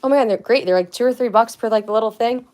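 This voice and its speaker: A woman's voice: a little high, very fast, darkish tone. A young woman hosting a casual livestream, rambling and giggly, full of filler words as she talks to her viewers at home. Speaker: livestream host.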